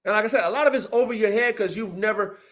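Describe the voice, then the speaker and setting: Fast-talking and fairly bright, a high-voiced podcast host who also breeds dogs rants casually on a livestream. He's profane, boastful and emphatic, calling out listeners by name.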